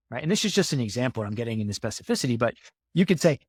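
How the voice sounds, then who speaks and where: A man in his own plain voice, speaking at a middle pitch for a man. He talks earnestly and with a motivational push, often repeating a point to drive it home. The sound is dry and close, with no room around it. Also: big pitch swings, rapid-fire, darkish tone, breathy edge, no echo. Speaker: podcast guest. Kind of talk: casual interview talk.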